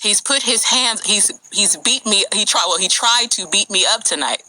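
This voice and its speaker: A woman's voice: medium pitch, moderate pace, pushed and bright, poor audio. A woman venting on a livestream, agitated and emphatic, swearing and talking straight to her viewers. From United States. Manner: agitated, emphatic, profane, addresses viewers directly. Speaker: vlogger. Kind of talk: live-streamed personal rant to viewers.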